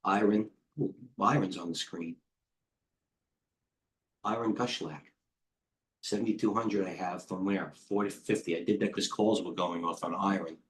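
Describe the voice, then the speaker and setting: A middle-aged man coaching traders, talking in a quick, scattered way and thinking out loud with lots of asides. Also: sits low, steady tone. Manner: rapid, scattered thinking aloud with many asides. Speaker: trading coach and host. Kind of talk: live market commentary.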